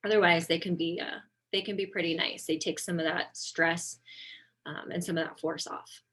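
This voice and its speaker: A woman occupational therapist giving an informal webinar lesson over slides, relaxed and conversational with frequent ums and self-corrections. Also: lowish voice, moderate pace, breathy edge.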